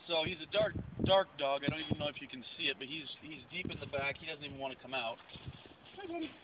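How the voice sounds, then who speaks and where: A man's voice: a little high, steady tone, fast. A man working as a dog trainer, explaining his method plainly while handling a dog on location. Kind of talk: instructional on-location demonstration. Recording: dull lo-fi audio with loud background noise.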